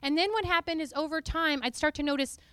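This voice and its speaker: A woman preacher gives an animated, playful teaching talk to a live congregation. Her voice sits high and sounds bright and forward. The sound is dry and close. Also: fast, no echo. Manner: animated, playful, breaks into sung and spoken snippets.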